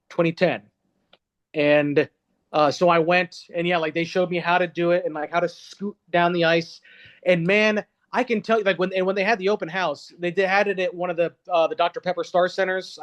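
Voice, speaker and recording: A man, a reporter, talking casually as an interview guest, wandering through his answers with many fillers and restarts. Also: high-pitched. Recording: dull, lo-fi sound.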